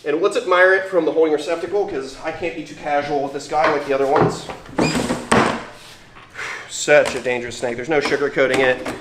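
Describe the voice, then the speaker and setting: A man's voice: on the high side, steady tone, a little fast, background noise. A young man hosting a casual livestream as a reptile keeper, talking enthusiastically about his animals. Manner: enthusiastic, chatty. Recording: echoey room.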